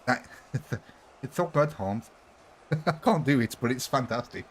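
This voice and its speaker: A man's voice: medium pitch, animated, a little slow, slight background noise. A man chats loosely on a live gaming stream, laughing often between lines. He answers viewers as he goes, and his voice sits right in the middle of the usual range for a man. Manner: chatty, laughs often, reads chat. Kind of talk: casual live-stream chat.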